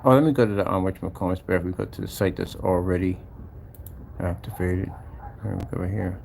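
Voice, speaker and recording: A man's voice: low voice, steady tone, brisk, creaky, a little mellow, a little hiss or hum. A man giving casual screen-share commentary about his own product, mocking and exasperated, repeating his points as he clicks through a website. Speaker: company owner showing his product site.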